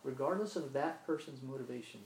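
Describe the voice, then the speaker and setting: Preaching earnestly, a man from Mississippi repeats himself and keeps asking "right?" in a medium-pitched, creaky, darkish voice, talking a little fast. The sound carries roomy echo, faint ambience, and slight background noise.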